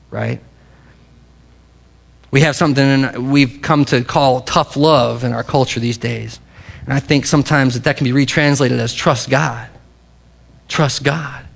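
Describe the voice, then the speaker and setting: Pastor, man, middle-aged, gravelly, earnest sermon delivery with repeated emphasis. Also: medium pitch, a bit bright. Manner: earnest preaching, repeats key phrases, varies pace for emphasis.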